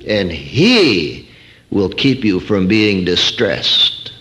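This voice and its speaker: A man's voice: sits low, big pitch swings, drawn-out words, bright, forceful tone. A middle-aged man preaching a sermon, telling a personal anecdote in a folksy way with wry humor and rhetorical questions to his listeners. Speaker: preacher and counselor.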